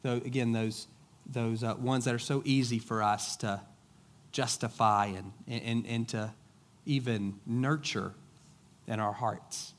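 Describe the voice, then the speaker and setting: A man's voice: mid-range voice, steady tone, slow pace. A middle-aged man preaching a conversational sermon as a pastor, casual and joking, telling stories in plain everyday speech. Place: church sanctuary.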